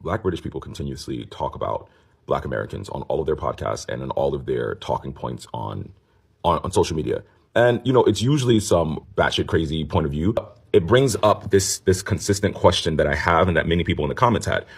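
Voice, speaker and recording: Deep husky man delivering commentary. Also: lively intonation, brisk. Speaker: commentary host. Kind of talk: commentary monologue to camera.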